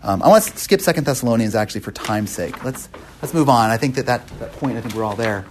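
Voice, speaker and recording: A man's voice: medium pitch, lively intonation, fast talker, slight background noise. A man leading a Bible study class, often repeating words as he works through a point and asking the group questions.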